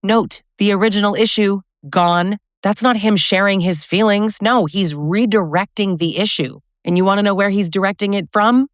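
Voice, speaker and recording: A woman's voice: mid-range voice, moderate pace, few pauses, no echo, clean studio sound. A woman relationship coach giving direct-to-camera advice, emphatic and full of pointed rhetorical questions.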